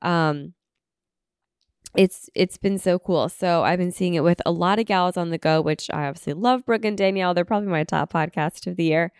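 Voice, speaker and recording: A woman's voice: lowish voice, moderate pace, clean tone, no room sound, studio quality. A young woman hosting a podcast in a casual, chatty way, sounding a little congested as she gets over an illness. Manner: chatty, uses "like" and "um" often. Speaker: podcast host.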